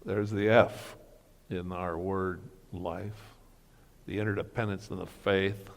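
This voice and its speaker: A man's voice: low-pitched, level tone, takes it slowly, gravelly. A man giving a motivational talk as guest speaker at a church men's breakfast, telling stories with humor and acting out the dialogue. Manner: storytelling that acts out dialogue with humor. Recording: reverberant hall.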